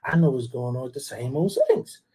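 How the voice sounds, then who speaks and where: A man rambles through a casual live stream, ribbing rival fans and shouting out viewers one by one. His voice is gravelly with fry, a bit husky and rough around the edges, sitting at an ordinary pitch. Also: a little fast. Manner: teasing, rambling, trash-talking, shouts out viewers.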